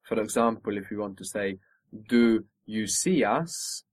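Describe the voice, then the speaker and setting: A man's voice: on the low side, unhurried, no room sound. A man teaching a spoken language lesson, patiently modelling pronunciation and encouraging his student.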